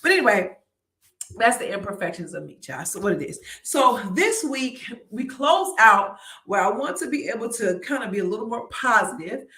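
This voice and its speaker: A woman's voice: on the high side, moderate pace, reverberant, far from the mic, a little hiss or hum. A woman hosting a live online show, giving a motivational talk in a chatty way and often turning to her audience. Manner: lively and chatty, keeps turning to the audience with "y'all" and "right?".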